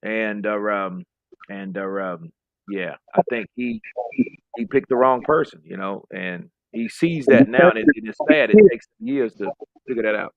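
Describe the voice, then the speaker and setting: A man's voice: fairly low pitch, sing-song, normal speed, gravelly, no echo, narrow, tinny audio. A man co-hosting a podcast in casual chat, rambling and profane, often trailing off mid-thought. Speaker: podcast co-host.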